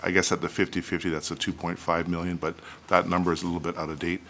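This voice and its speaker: Low-voiced councillor asking staff. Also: male voice, flat delivery, fast talker, a bit bright, a little hiss or hum. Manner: polite and procedural, with frequent fillers. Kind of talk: council debate.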